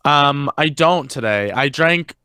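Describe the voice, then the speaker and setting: A man's voice: a little high, expressive, slow, bright, forceful tone. A man co-hosting a casual podcast, playful and giggly in his reactions. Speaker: podcast co-host. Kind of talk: casual chat.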